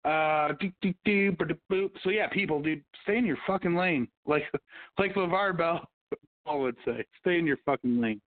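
A man's voice: a little high, unhurried. Swearing man on a tinny line. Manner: swears constantly, rambling storyteller. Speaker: podcast host. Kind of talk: casual profane chat. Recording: tinny phone-like audio.

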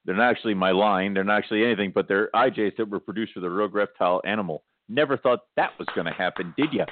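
A man hosting a podcast, easygoing and jokey, with loud laughs and offhand swearing. His voice sits on the low side and sounds tinny and dry, like a phone line. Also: fast, no echo. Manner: joking, laughs loudly, casual swearing. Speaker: podcast host. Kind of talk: casual chat.

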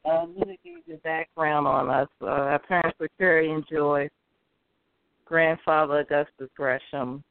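A woman's voice: deep voice, lively intonation, normal speed, gravelly, no room sound. A woman calling in and introducing herself plainly, with a few hesitations. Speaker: caller. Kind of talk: casual introduction on a call. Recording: tinny phone-line audio.

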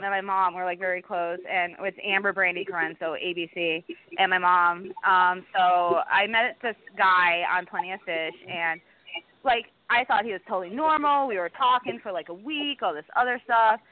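A young woman guest telling a bad-date story in casual chat, animated and swearing. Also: medium pitch, normal speed, dry recording. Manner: animated, swearing, acting out quotes. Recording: tinny phone-like line.

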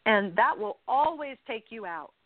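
A woman's voice: a little high, normal speed. Woman coach on a tinny phone line. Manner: earnest, animated, frequent "right?" check-ins. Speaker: life coach guest. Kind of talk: coaching advice in a podcast interview.

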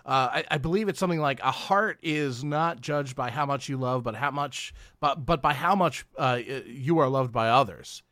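A man's voice: mid-range voice, a bit bright, no room sound. Hesitant man with a dry, close voice. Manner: hesitant, stammering, slow. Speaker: podcast co-host. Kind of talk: casual chat.

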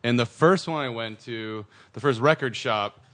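A podcast co-host with a mid-range voice tells a story at a moderate pace during casual chat. He's an animated storyteller who acts out the voices of the people he quotes.

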